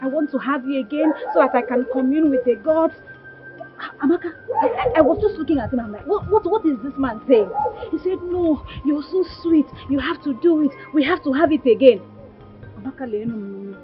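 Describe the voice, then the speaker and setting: A woman's voice: high voice, expressive, normal speed. An actress playing an angry, frustrated young woman with a Nigerian accent in a Nollywood film. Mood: upset. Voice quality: agitated, emphatic. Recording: muffled film audio under music.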